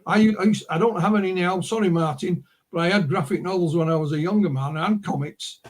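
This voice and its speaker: A man's voice: high voice, a little fast. A middle-aged man, an author and publisher, telling rambling anecdotes as a guest in a casual interview. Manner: rambling anecdotal storyteller, full of asides. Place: remote interview call.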